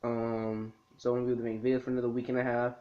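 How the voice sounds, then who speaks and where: A man's voice: mid-range voice, completely flat delivery, racing. A man casually recapping a cartoon episode for his video review, rambling with lots of ums and restarts. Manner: rambling, full of ums and restarts, laid-back. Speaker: anime review vlogger. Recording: slightly muffled lo-fi recording.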